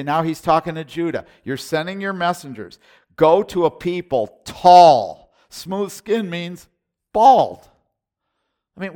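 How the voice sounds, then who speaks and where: Preaching man with emphatic loud bursts. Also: fairly high pitch, clear, resonant tone. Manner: halting restarts, repeated words. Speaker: pastor. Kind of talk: expository sermon.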